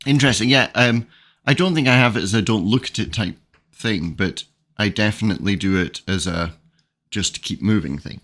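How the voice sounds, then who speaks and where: A man co-hosting a podcast, talking casually and thoughtfully with pauses. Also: lowish voice, a bit bright. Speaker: podcast co-host. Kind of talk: casual conversation.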